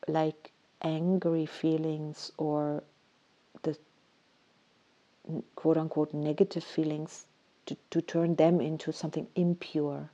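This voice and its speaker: A woman's voice: low-pitched, flat delivery, takes it slowly, long pauses, dark tone, lo-fi sound. A woman hosting a spiritual talk, rambling casually and animatedly, acting out quotes and often laughing. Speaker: spiritual podcast host.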